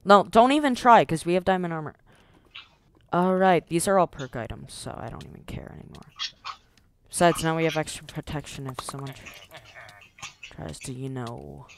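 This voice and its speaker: A woman's voice: low-pitched, normal speed, vocal fry, long pauses, slight background noise. A woman gamer chatting casually and distractedly about her game. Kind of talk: casual gameplay chat.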